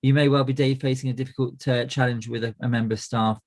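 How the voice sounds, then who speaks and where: A man's voice: medium pitch, steady tone, quick pace, a little mellow. A middle-aged man hosting a business coaching webinar, friendly and full of "uh" fillers and restarts. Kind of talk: presenting a webinar.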